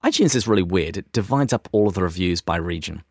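An Australian man with a fairly low voice co-hosts a podcast in casual chat. He is playful and quick to laugh. His voice sounds very dry and close, recorded in a closet studio. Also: lively intonation, vocal fry, a little mellow, slightly rough, no room sound. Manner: playful, chuckles often. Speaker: podcast co-host.

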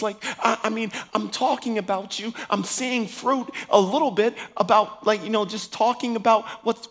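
A man telling his faith testimony in a lively, animated way, acting out dialogue and laughing as he goes. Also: sits high, normal speed, few pauses.

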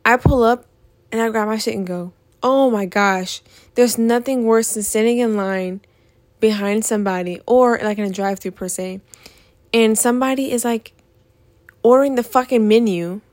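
A woman's voice: mid-range voice, dry recording. A young woman, hosting a podcast in a profane, exasperated rant. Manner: profane, animated, exasperated ranting. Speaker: podcast host. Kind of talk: ranting casual monologue.

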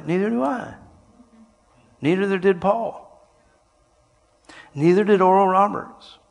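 An older man preaching a sermon, telling stories and swinging between quiet passages and loud, shouted lines. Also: high voice, takes it slowly, long pauses. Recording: long hall reverb.

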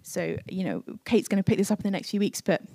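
Woman preacher, casual sermon, mellow tone, dry close sound, chatty with fillers. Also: mid-range voice, fast talker, vocal fry, dry recording. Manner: chatty, many fillers, acts out quoted speech. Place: church service.

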